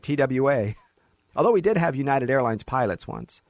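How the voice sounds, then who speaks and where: A man's voice: medium pitch, fast talker, no echo, clean studio sound. A middle-aged man hosting a financial advice show, telling client stories and mocking bureaucrats in quoted asides. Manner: animated storyteller, mocking voices in quoted asides. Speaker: financial radio host. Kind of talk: conversational radio advice talk.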